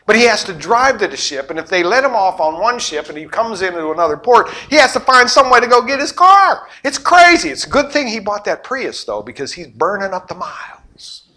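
A middle-aged man preaching a sermon, telling family stories with swings from loud outbursts to hushed asides. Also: sits high, very animated, a little fast, hardly any pauses. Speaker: pastor.

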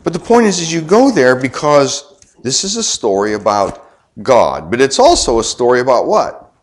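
A man's voice: mid-range voice, very animated, moderate pace. A middle-aged man preaching a sermon in a conversational way, firing rhetorical questions at the congregation and tossing in joking asides. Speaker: pastor.

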